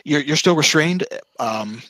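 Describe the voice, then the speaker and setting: A man's voice: fairly high pitch, lively intonation, measured pace, sharp tone, no echo, low-quality recording. A man narrating a tabletop game as game master, hesitant and often correcting himself on the rules, over online voice chat.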